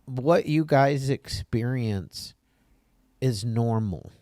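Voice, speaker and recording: Halting man host, dry close sound. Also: medium pitch, warm tone, no echo. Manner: halting, repeats words, says "y'all". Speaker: podcast host in recovery. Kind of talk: casual podcast talk.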